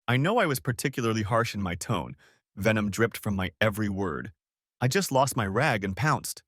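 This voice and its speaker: A man's voice: on the low side, animated, normal speed, fairly bright tone, no echo, clean studio sound. A man narrating a first-person revenge story in a dramatic, sarcastic storytelling manner. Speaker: audiobook narrator.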